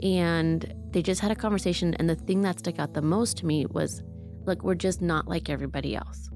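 A woman's voice: fairly low pitch, fairly quick, darkish tone. A young woman from Mexico telling her life story candidly in an interview, with a conversational delivery full of acted-out quotes. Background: music.

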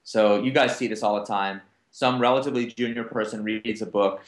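A man speaking on a conference panel, telling business anecdotes and acting out the other people's lines in lively back-and-forth. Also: lowish voice, a little fast, reverberant. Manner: animated, acts out quoted dialogue. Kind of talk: anecdotal storytelling to an audience.

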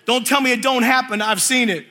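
A man preaching a lively, comic sermon to a church congregation, telling stories with acted-out quotes. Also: very high voice, brisk, a little hiss or hum. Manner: animated storytelling with acted quotes and laughter.

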